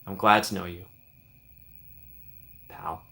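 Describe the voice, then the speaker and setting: A man's voice: deep voice, steady tone, slow pace, bright, forceful tone. A man hosting a casual live stream, chatting upbeat and answering viewers by name as he reads the comments. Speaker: streamer host.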